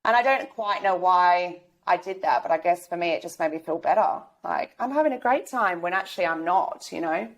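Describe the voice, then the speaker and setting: A woman's voice: lowish voice, fairly quick, few pauses. A woman, talking openly as a podcast guest, rambling with many restarts and fillers. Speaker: guest sharing lived experience. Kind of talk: candid podcast interview.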